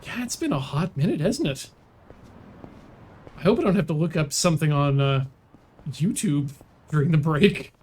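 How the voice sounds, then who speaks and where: A man's voice: on the high side, expressive, normal speed, pauses often, a little mellow, breathy edge. A man streaming a video game, chatting casually and muttering to himself as he plays. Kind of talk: casual let's-play commentary.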